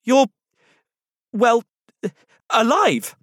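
A man voicing a startled young boy in a squeaky voice. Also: sing-song, moderate pace, slightly rough, no echo, clean studio sound, heavily acted.

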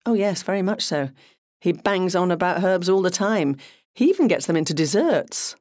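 A narrator voicing a woman detective chatting at home with her husband in an audiobook, relaxed and a little absent-minded. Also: mid-range voice, normal speed, dry recording, studio quality, pitched above the performer's own voice, lightly acted. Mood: fond.

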